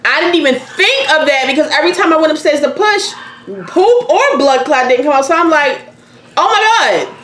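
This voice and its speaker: A young woman telling a personal story in casual chat, candid and animated, swearing freely. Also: high voice, brisk. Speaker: host. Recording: echoey room, faint noise.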